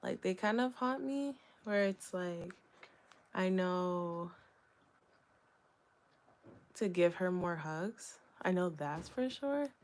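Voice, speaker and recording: A young woman talking through her thoughts in a candid solo vlog. Her voice sits a little low, and she rambles gently with lots of fillers and small laughs. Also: animated, takes it slowly, pauses often. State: hiccups. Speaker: vlogger. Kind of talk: reflective solo vlog talk.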